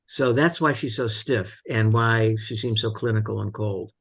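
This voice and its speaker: A man's voice: on the low side, normal speed, breathy edge. Man casually retelling film scenes. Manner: retells scenes with many fillers and restarts. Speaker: film discussion host.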